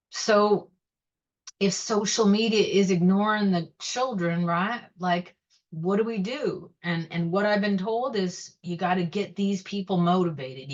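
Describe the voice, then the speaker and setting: Woman psychic going on intensely, repeats herself, slow meditation bits, kinda low voice, muffled lo-fi sound. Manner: intense, repetitive, guided meditation prompts. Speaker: self-styled psychic host. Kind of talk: emotional monologue to camera.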